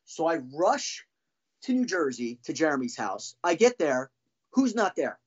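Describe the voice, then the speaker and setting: A man's voice: fairly high pitch, sing-song, a little slow, husky, dull audio. A middle-aged man, a former band drummer, telling heated, profane stories as a podcast guest. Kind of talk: casual storytelling.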